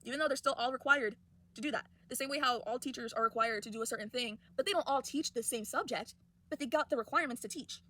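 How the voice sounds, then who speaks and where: Fast-talking, fired-up young woman. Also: on the high side. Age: young adult. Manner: animated, indignant ranting. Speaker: college student. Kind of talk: casual rant vlog.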